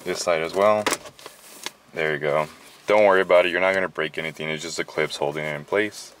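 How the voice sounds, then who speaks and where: Over a noisy background, a low-voiced man talks a little fast while hosting his car channel. His how-to is casual and chatty, packed with fillers, and he seems slightly winded.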